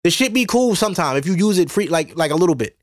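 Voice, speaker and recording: High-voiced New York man ranting. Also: lively intonation, fast talker, no room sound. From Brooklyn, New York. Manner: profane, rambling, exasperated. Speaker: podcast host. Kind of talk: casual ranting monologue.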